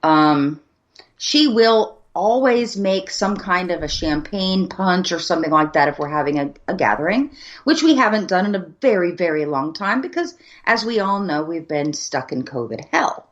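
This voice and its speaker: A chatty Southern American woman with a lowish voice, a little tipsy and laughing easily as she rambles through a story. Her voice comes through on a dull, lo-fi recording. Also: animated, normal speed. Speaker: podcast co-host. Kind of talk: casual chat.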